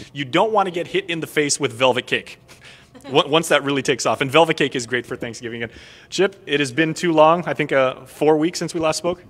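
A man's voice: medium pitch, a bit bright. Chatty male local news host. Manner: chatty, joking, many fillers. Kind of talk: casual live news chat.

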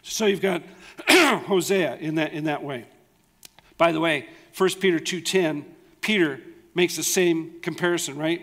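A man's voice: on the high side, a little slow, a bit bright. A male pastor preaching a sermon in an earnest, conversational way, often asking the congregation rhetorical questions. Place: church.

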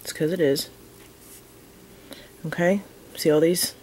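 A woman teaching a crochet tutorial in a casual, chatty way, counting her stitches softly as she works. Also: deep voice, fairly even intonation, takes it slowly, husky, low-quality recording. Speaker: crochet instructor.

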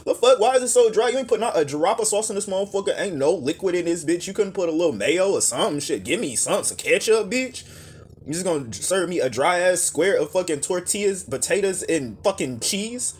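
A man giving a profane comedic rant as a reaction commentator, loud and exasperated. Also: sits high, animated, brisk, slightly rough. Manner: loud, exasperated, heavy cursing.

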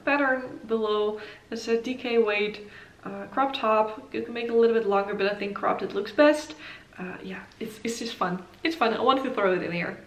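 A woman's voice: on the high side, reverberant. A woman hosting a casual knitting vlog, reviewing patterns in a chatty way with many ums and uhs, recorded on a camera mic. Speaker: knitting channel host.

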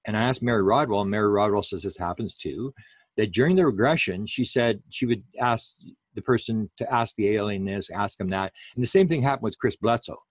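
Male lecturer, low-pitched, dry close-mic sound, talks in loose restarts. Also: fairly quick, breathy edge, no room sound. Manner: rambling, many fillers and restarts. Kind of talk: public lecture.

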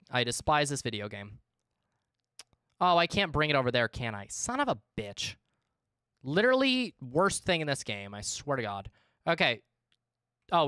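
A man's voice: mid-range voice, fairly bright tone, clean tone, no room sound, clean studio sound. A man streaming a video game, chatting casually to his viewers and swearing freely as he plays. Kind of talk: casual livestream commentary.

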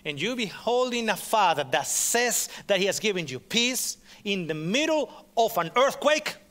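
A man delivering a sermon in a high, bright voice. He preaches with passion, repeating phrases for effect and dropping from loud to hushed and back. He speaks to a live audience in a hall. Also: very animated, normal speed.

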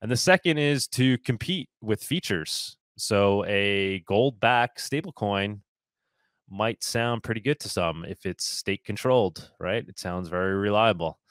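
A man with a fairly low voice reads news items and keeps stopping to comment in a loose, sarcastic way, often repeating himself as he restarts. The sound is dry and close, with no room around it. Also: unhurried, fairly bright tone, no echo. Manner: sarcastic asides between read-out items; casual, repeats words and restarts. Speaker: crypto news host.

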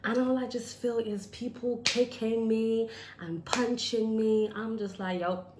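A young woman from retelling a personal story for a vlog, animated and repeating lines for emphasis, acting out what people said. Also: a little high, a little slow. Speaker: vlogger telling a story. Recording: echoey room with faint noise.

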